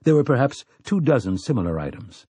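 A man reading a novel aloud in a measured, even narration. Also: medium pitch, breathy edge, no room sound. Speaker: audiobook narrator. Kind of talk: scripted narration.

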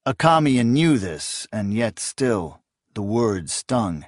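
Measured male audiobook narrator. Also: fairly low pitch, big pitch swings, no room sound, studio quality. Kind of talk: scripted fantasy narration.

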